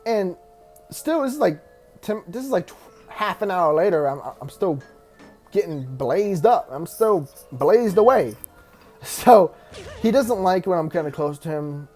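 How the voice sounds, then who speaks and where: A man's voice: high-pitched, lively intonation, a little slow, a little mellow, soft background music. A young man casually telling a story time, rambling with lots of fillers, restarts and laughs.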